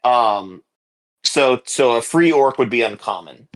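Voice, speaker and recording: Guy running a tabletop game, mid pitch, lots of ums and uhs. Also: animated, unhurried. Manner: hesitant, many ums and uhs. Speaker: game master.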